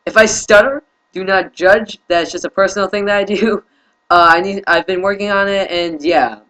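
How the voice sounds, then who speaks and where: A man's voice: high-pitched, fairly even intonation, normal speed, bright, forceful tone, low-quality recording. A young man giving a casual how-to tutorial, tired and hesitant, often apologizing and filling gaps with "um". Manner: hesitant, apologetic, many fillers. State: tired, yawning. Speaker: video host.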